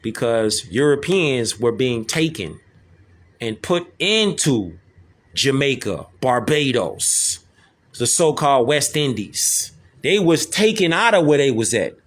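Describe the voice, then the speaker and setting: A man with a medium-pitched, sing-song voice takes his time while hosting emphatic commentary over images and clips. He's insistent and repetitive, repeating himself to drive points home and often asking "see that?"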